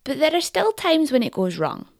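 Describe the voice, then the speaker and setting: A woman presenting in a clear, lightly wry scripted narration. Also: high-pitched, wildly swooping pitch, moderate pace, no room sound, studio quality.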